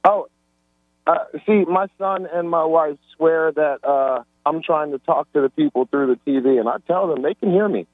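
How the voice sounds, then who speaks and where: A man's voice: on the high side, moderate pace, dry recording. Male caller on a tinny phone line. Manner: friendly, teasing, groans about his losses. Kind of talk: casual call-in chat.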